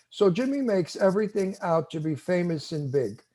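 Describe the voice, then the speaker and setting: An older man with a Brooklyn New York accent, telling lively stories in an interview and acting out his own quoted lines. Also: high voice, a little fast, few pauses. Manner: animated storyteller, acts out quotes. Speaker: TV show host, interviewee. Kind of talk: casual storytelling interview.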